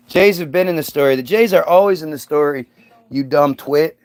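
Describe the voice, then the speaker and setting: A man's voice: on the high side, brisk, gravelly. A male comedian telling a rambling, profane story that casts the listener as "you.". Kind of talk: stand-up storytelling.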